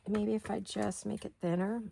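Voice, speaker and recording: A woman's voice: mid-range voice, steady tone, normal speed, vocal fry, warm tone, a little hiss or hum. A middle-aged woman hosting a craft video, chatting casually and thinking aloud as she works. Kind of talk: casual craft-along chat.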